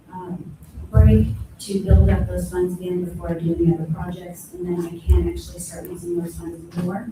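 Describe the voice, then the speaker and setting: A woman's voice: on the low side, background noise. A woman, the county clerk, plainly walking commissioners through her budget. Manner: plainspoken, matter-of-fact, self-correcting. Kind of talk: budget presentation at a public meeting. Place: county meeting room. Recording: very echoey room from a distant mic.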